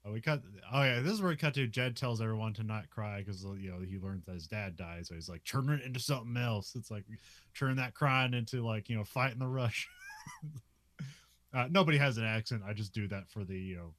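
A man's voice: lowish voice, expressive, fairly quick, fairly bright tone, dry recording. A man casually recapping a film's plot on a podcast, laughing often between his sentences and filling gaps with uh and like. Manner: laughs often, many fillers, plot summary. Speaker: podcast co-host recapping a film. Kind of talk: casual film recap chat.

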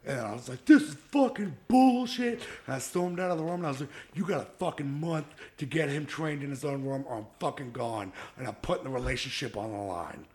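A man in his thirties, a podcast co-host telling a story in casual chat, animated and laughing, acting out quotes loudly. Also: medium pitch, fast talker, few pauses. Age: 30s.

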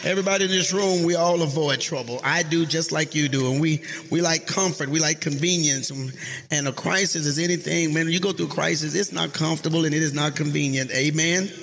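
High, bright-voiced preaching man. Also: a little fast, creaky, soft background music. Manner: preaching with call-and-response and sung, chanted phrases; rising into high, half-sung shouts. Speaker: pastor. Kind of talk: sermon. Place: church sanctuary.

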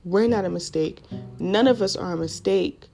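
A young woman shares her testimony on a podcast, talking casually and excitably with plenty of filler words. Her voice sits fairly low for a woman, and soft guitar music plays faintly behind her. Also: normal speed, gravelly. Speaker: podcast host.

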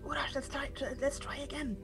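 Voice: high voice, level tone, a little fast, over music. A player in a tabletop game who thinks aloud and weighs each move. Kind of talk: casual tabletop game play.

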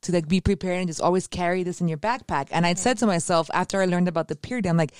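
A woman's voice: fairly low pitch, a little mellow, clean tone, dry recording, clean studio sound. A woman in her thirties from Venezuela, joking and chatting casually on a podcast, slipping Spanish words into her talk. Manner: playful, quick with jokes, slips Spanish words in. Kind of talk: casual chat.

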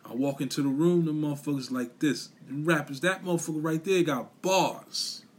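Husky-voiced man ranting bluntly. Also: fairly high pitch, normal speed. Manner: blunt, repetitive, swearing, slangy. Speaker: podcast host. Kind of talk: profane motivational rant.

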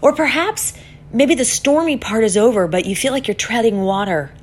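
Female preacher, sermon delivery, lively storytelling, soft drops for emphasis. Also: on the high side, normal speed, slight background noise. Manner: animated storytelling, voice rises for acted pleas, drops soft for calm.

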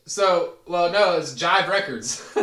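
A man hosting a casual podcast chat, leading the talk with relaxed slang and handing the word to his guests. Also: sits high, slow. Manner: relaxed, prompts the others, profane slang. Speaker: podcast host. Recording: roomy, distant mic.

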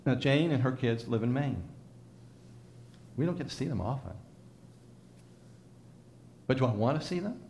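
A man's voice: medium pitch, animated, moderate pace, long pauses, darkish tone, a little hiss or hum. Male pastor preaching a conversational sermon. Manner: leads congregation in call-and-response repetition; conversational, teasing asides to listeners.

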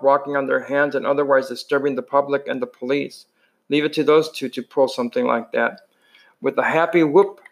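A man's voice: mid-range voice, a bit bright. A man reading a novel chapter aloud in a plain voice, with frequent slips and restarts. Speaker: reader.

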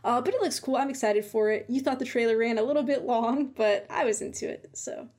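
Chatty excitable young woman. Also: fairly high pitch, a little fast. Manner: chatty, excitable, lots of fillers. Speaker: co-host. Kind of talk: casual chat about video game news.

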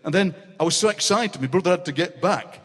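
Yorkshireman in his 60s, lively storyteller. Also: high-pitched, fairly quick, husky. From Yorkshire, England. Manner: animated, laughing anecdotes with voices. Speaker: guest poet. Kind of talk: comic storytelling in a live interview. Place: large city hall, live audience. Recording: reverberant hall.

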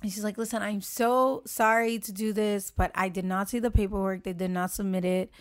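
Animated young woman telling a story. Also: mid-range voice, fairly quick. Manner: animated storytelling, acts out quotes, swears freely. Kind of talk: casual chat.

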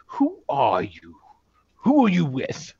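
Baradin, a man doing a stern gruff commander. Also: a little high, wildly swooping pitch, takes it slowly, darkish tone, no room sound, dull audio, heavily acted. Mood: suspicious. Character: gruff male half-elf commander Baradin, suspicious, stern.

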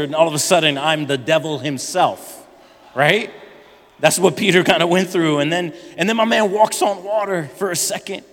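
Animated preaching man in a reverberant hall. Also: a little high, normal speed. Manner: animated preaching, acting out Bible figures' lines. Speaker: pastor. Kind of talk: sermon.

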